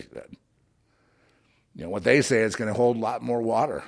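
A man with a lowish, gravelly voice rambles through a monologue. He halts and repeats words, sinks into mutters, then flares up into heated outbursts.

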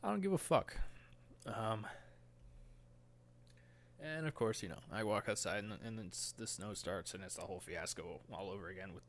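A man's voice: lowish voice, moderate pace, long pauses, a bit bright, slight background noise. A young man hosting a solo podcast, rambling crude and profane, nervous and a bit short of breath, laughing at his own jokes. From United States. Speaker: podcast host. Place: indoors, talking alone into a mic.

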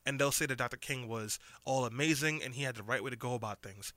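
A man's voice: medium pitch, fast talker, sharp tone, dry recording. A man in his late twenties hosting a radio talk show, sardonic and rambling. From United States. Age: 20s. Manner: sarcastic, rambling. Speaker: radio host. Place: radio studio. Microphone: studio mic.

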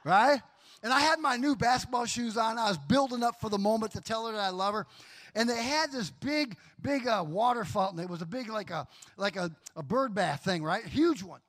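A middle-aged man preaches in a church, voice pitched high for a man. He tells his story with animation, laughing and acting out the other voices as he goes. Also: lively intonation, moderate pace, a bit bright. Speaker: pastor. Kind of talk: sermon with personal story.

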